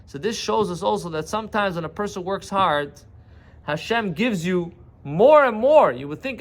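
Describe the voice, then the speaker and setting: Rabbi with a raised voice telling a parable. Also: male voice, high-pitched, animated, normal speed. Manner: explains patiently, retelling stories in plain words. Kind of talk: short morning sermon with a parable.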